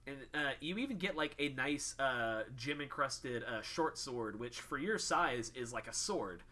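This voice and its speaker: Man, game master, bright tone, relaxed narration, lots of fillers. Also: mid-range voice, a little slow. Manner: casual, lots of ums and uhs.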